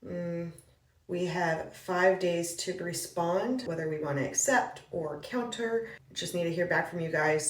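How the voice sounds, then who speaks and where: A woman plays out a string of work phone calls for a comic skit. She keeps a brisk, polite, businesslike tone, and her fairly low voice sits back from the mic in a roomy space. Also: far from the mic. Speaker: real estate broker. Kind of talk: comedic reenactment of phone calls.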